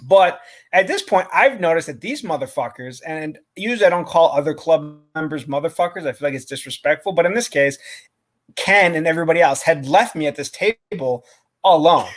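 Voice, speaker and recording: A man's voice: a little high, animated, fairly quick. A man co-hosting a podcast, telling a story in a casual way, swearing often, laughing and restarting his sentences. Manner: profane, laughing, many restarts. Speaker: podcast co-host.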